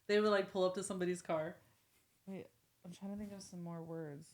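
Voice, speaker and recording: A woman's voice: medium pitch, moderate pace, pauses often, fairly bright tone. A woman from the United States hosting a podcast in loose, chatty talk and laughing easily. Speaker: podcast host. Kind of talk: casual chat.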